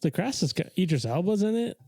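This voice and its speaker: A man co-hosting a casual podcast, relaxed and joking, often trailing off into fillers. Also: high-pitched, fast talker, breathy edge, no room sound, clean studio sound. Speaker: podcast co-host. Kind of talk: casual chat.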